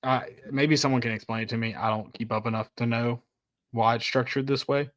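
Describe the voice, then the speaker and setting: A man's voice: mid-range voice, fairly even intonation, brisk, fairly bright tone, no room sound, muffled recording. A young man co-hosting a casual sports podcast, easygoing and asking questions. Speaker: podcast co-host.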